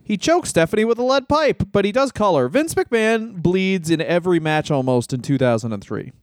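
A man co-hosts a comedy podcast with a fairly high voice, riffing in loose, profane chat. He keeps stopping to correct himself with quick asides. The sound is close and dry, with no room around it. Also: expressive, dry recording. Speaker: podcast co-host.

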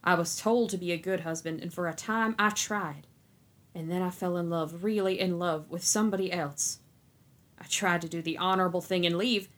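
A woman reading the part of a weary, guilt-ridden male sorcerer, speaking slowly and sternly. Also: fairly low pitch, fairly even intonation, a bit bright, close to an everyday voice. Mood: remorseful. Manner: slow and stern.

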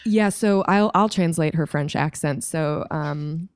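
A woman with a low voice who chats with dry, wry humor. The sound is close and dry, with no room in it. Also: measured pace, smooth, no echo. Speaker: podcast co-host. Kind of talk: casual chat.

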